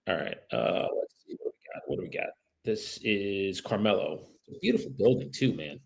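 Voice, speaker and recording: A man with a low, gravelly voice makes cold calls on a livestream, talking casually and directly to his viewers. On the phone he turns polite and apologetic. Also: very animated, moderate pace, a little mellow. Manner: chatty, addresses viewers directly. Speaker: real estate agent.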